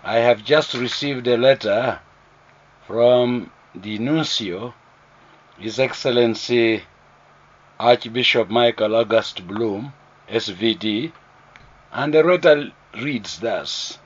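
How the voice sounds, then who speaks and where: A man from Uganda reading a formal church announcement to the press and listeners, slow and deliberate, stressing key words. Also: medium pitch, slightly rough. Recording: dull, lo-fi broadcast recording.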